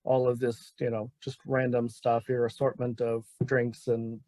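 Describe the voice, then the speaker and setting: An enthusiastic man runs a tabletop game as game master, cheering his players on and laughing along. His voice is medium in pitch and sounds dry and close to the mic. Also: completely flat delivery, a little slow, warm tone, no room sound.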